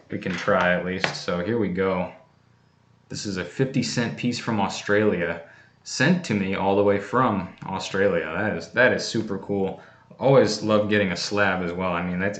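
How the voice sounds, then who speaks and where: Man, low-pitched, chatty livestream host, roomy echo. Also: fairly bright tone. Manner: chatty and easygoing, many fillers and restarts. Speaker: coin collecting channel host. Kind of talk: casual livestream chat, opening fan mail.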